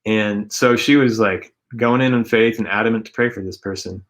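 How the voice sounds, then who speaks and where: A man's voice: lowish voice, steady tone, normal speed. A man co-hosting a casual faith talk show, speaking earnestly and rambling with many fillers. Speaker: co-host.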